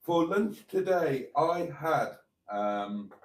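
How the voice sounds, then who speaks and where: A man's voice: fairly high pitch, lively intonation, drawn-out words. A middle-aged man, chatting casually on a live stream and reading viewer comments aloud with playful asides.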